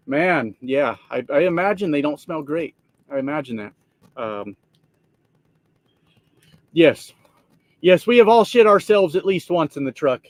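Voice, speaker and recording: Profane trucker on a livestream. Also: male voice, a little high, no room sound. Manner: profane, rambling, laughs often. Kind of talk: casual livestream chat reading comments. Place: inside a truck cab.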